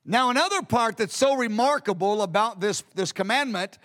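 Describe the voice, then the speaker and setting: A man's voice: sits high, animated, normal speed, fairly bright tone. A man preaching a sermon in an earnest, repetitive way, often restarting his sentences. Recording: long hall reverb.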